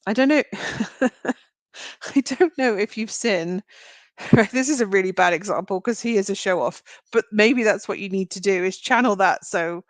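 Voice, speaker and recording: A woman's voice: medium pitch, moderate pace, no room sound. Chatty British woman giving live readings. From Britain. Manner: chatty, giggly, rambling. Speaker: card reader hosting a livestream. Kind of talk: live reading to chat viewers.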